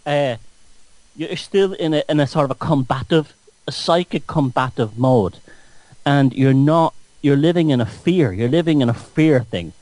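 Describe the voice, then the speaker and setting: A man's voice: mid-range voice, animated, moderate pace, darkish tone, no echo, low-quality recording. Rambling mocking male radio host. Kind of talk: satirical monologue.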